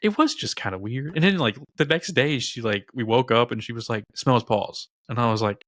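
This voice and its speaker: A young man co-hosting a podcast, telling a story in casual chat, animated and swearing, his voice jumping high when he quotes others. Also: a little fast, no echo. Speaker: podcast co-host. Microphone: headset.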